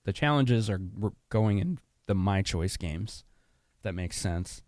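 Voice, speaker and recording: A young man from Chicago chats loosely with his stream audience while he plays, laughing often. His voice sits low but swings widely in pitch. The sound is dry and close to the mic. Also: expressive, measured pace, a little mellow, dry recording. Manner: chatty, laughs often, talks to chat. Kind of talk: casual live-stream commentary.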